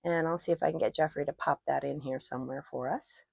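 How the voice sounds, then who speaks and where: A fast talker with fairly even intonation, she has a low-sitting voice with vocal fry and a darkish tone, recorded with no echo. She hosts her own jewelry channel, casually gushing about each piece and making self-deprecating remarks in show-and-tell chat on a personal mic she wears.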